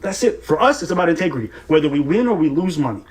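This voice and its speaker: A man talks fast in a fairly high voice, reacting with heated, mocking commentary. He is profane and animated, laughing at the people he criticizes. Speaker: co-host of a reaction show.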